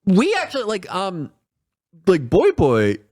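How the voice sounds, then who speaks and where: Man, guest on a livestream, sarcastic, deadpan riffing, animated pitch, filler-heavy casual talk. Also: unhurried. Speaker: guest commentator.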